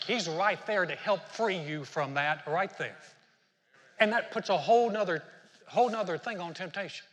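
Guy preaching a sermon, bright husky voice, big echoey hall. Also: on the high side, normal speed. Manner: fervent, talks straight to the congregation. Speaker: pastor.

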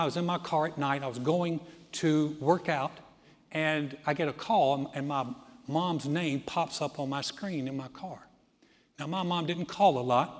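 Older man, pastor, emphatic sermon, storytelling with humor, fairly high voice, long hall reverb. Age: 60s. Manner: emphatic preacher, builds in rising lists, humorous storytelling asides.

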